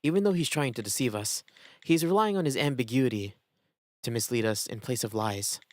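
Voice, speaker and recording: A man voicing a quiet, thoughtful investigator who muses in a low, hushed voice while reading game dialogue aloud. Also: brisk, lightly acted. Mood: musing.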